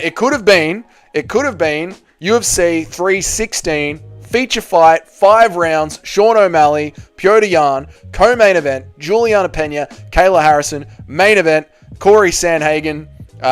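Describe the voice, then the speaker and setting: Aussie man bantering with his stream chat. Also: fairly high pitch. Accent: Australian. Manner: swears freely, banters and teases viewers. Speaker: live-stream host reading chat. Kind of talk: casual live-stream chat.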